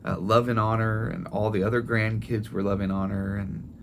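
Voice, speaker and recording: A middle-aged man preaching a sermon in a gentle, tender storytelling way, often restarting his phrases. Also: fairly low pitch, flat delivery, moderate pace, gravelly, background noise. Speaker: pastor.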